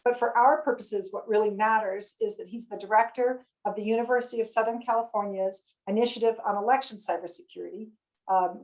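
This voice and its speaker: A woman's voice: mid-range voice, a little mellow, poor audio. A woman hosting and moderating an online panel over a video call, speaking in a friendly, chatty way with frequent ums and uhs. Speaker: webinar host and moderator.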